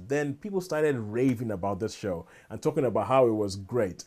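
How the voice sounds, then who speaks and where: Guy chatting on a podcast, mid-pitched voice, keeps restarting and going off on tangents. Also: brisk, darkish tone. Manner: rambling, with many restarts and asides. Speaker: podcast co-host. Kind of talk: casual chat.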